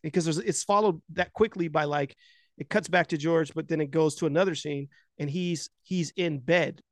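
A man in casual chat retelling a film scene. He rambles with constant filler words, swears freely, and gets animated as he goes. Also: on the high side, normal speed, no echo, studio quality.

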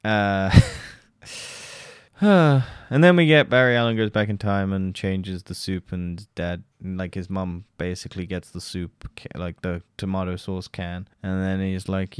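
A man's voice: low voice, steady tone, unhurried, clean tone, no echo, studio quality. A man hosting a solo podcast, giving a rambling, profane film review and mockingly quoting characters. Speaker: podcast host.

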